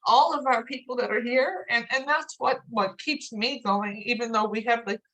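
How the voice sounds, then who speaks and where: A woman's voice: fairly high pitch, normal speed, fairly bright tone, low-quality recording. A woman leading a drug users' organization, crying as she speaks with heartfelt thanks on a video call, swearing freely. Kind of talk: emotional video call remarks.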